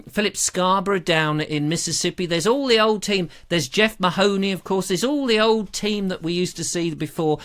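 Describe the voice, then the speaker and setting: Lively, bright-voiced English male host. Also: sits high. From England. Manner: chatty, rambling, jokey storyteller. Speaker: host of a live online show. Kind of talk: casual live-stream chat reading viewer comments. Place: back room at home. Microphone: camera.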